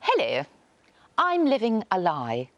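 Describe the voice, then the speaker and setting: Woman in a comic confession sketch as a TV presenter, lively pitch, dry close sound. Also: takes it slowly, no echo, heavily acted. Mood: mock-confessional. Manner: mock-confessional, theatrical. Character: woman posing as a Scottish morning TV presenter. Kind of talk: comic pre-recorded video message.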